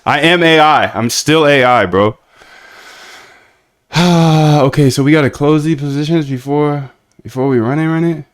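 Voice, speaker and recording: A young man live-streaming while coding a trading bot, chatting casually with viewers in slangy banter, sometimes flat and monotone, sometimes lively. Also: on the high side, a little slow. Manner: laid-back slangy banter with chat, shifts between flat monotone and lively bursts.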